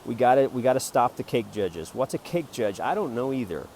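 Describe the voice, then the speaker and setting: A man rambling jokingly about his photo prints in a self-promoting monologue, jumping between loud bursts and quiet mutters. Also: medium pitch, lively intonation, brisk, a little hiss or hum. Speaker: amateur photographer selling prints.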